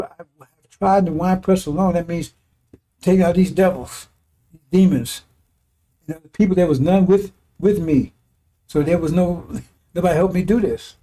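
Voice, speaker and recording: High-pitched man preaching in rambling bursts. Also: mellow. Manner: rambling, repetitive, coarse, laughs while preaching. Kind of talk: informal sermon.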